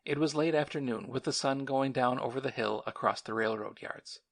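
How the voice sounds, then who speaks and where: Measured man narrating a novel. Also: medium pitch, a bit bright. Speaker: audiobook narrator. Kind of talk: scripted narration.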